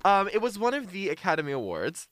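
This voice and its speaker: A man's voice: sits high, huge pitch swings, quick pace, a bit bright, no room sound, clean studio sound. A young man co-hosting a casual podcast, rambling playfully with frequent restarts. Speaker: podcast co-host. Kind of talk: casual chat.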